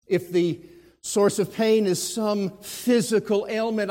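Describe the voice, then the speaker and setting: Male pastor, sermon delivery, slightly high voice, unhurried, long reverb of a large church sanctuary; alternates forceful emphasis with hushed passages. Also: fairly even intonation.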